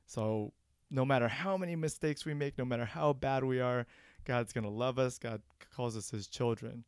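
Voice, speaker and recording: A man earnestly discussing a sermon in a relaxed, reflective church podcast conversation. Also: medium pitch, normal speed, clean tone, no echo, studio quality.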